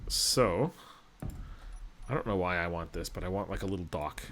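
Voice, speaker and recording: A man's voice: sits low, normal speed, fairly bright tone, slight background noise. Rambling, self-mocking man from Alberta. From Alberta, Canada. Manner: rambling, self-deprecating, chatty. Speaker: gaming channel host. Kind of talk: casual gameplay commentary.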